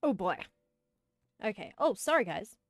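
A woman's voice: medium pitch, very animated, measured pace, dry recording, clean studio sound. A woman hosting a livestream, chatting casually and giggling while she plays with friends and apologizes often. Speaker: streamer and host.

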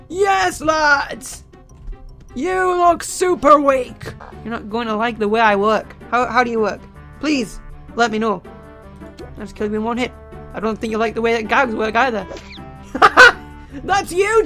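A woman hosting a let's play, giving excitable gameplay commentary into a desk microphone, often shouting and laughing at the game. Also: fairly high pitch.

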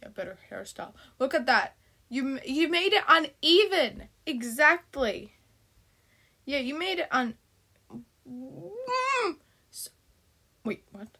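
High bright excitable woman reacting. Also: slow pace, pauses often. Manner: excitable, chatty, bursts into shrieks. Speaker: channel host. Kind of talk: reacting to a game video.

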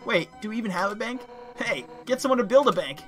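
Man putting on a high loud tough monster policewoman, brash game cop. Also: animated, fast talker, faint music behind. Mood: gruff. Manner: shouting, tough-talking.

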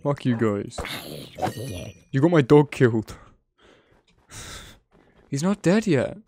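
A young man giving casual gameplay commentary, excitable and swearing often, chatting to his in-game animals. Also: mid-range voice, slow, background noise. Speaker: gaming video creator. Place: home editing room.

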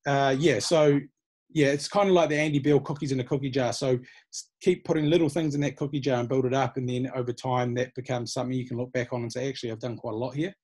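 A man's voice: mid-range voice, fairly even intonation, quick pace, darkish tone. A man, a personal trainer from New Zealand, giving easygoing, encouraging answers in an interview. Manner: encouraging, easygoing, many fillers.

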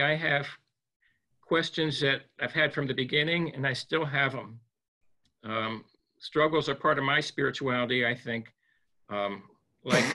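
A man as a psychologist guest in an interview, telling a story in a gentle, reflective way with frequent restarts. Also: medium pitch.

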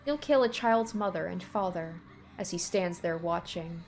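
A woman's voice: lowish voice, animated, a little mellow, a little hiss or hum. A woman reading a cold, mocking unseen woman. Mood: taunting. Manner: cool, measured, scornful.

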